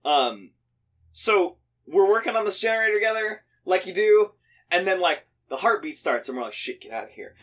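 Animated, swearing young man telling stories. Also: sits high, normal speed. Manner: animated storyteller, swears a lot, laughs often. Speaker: podcast co-host and streamer. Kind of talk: casual chat.

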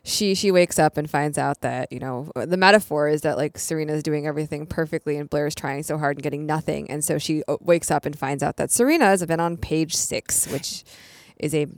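A woman co-hosting a TV recap podcast in casual chat, with quick enthusiastic reactions and giggles. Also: low voice, no echo. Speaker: podcast co-host.

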